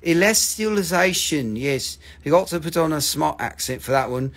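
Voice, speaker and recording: A man's voice: a little high, normal speed, vocal fry. A man hosting a live mineral sale in casual, joking patter, teasing his viewers and swearing now and then.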